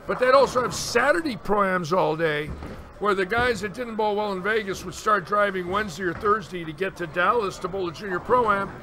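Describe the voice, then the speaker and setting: A man's voice: high voice, normal speed. A man in his sixties, a bowling commentator, telling long stories in casual chat and acting out the quotes. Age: 60s. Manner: animated storyteller, acts out quotes. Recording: noticeable background noise.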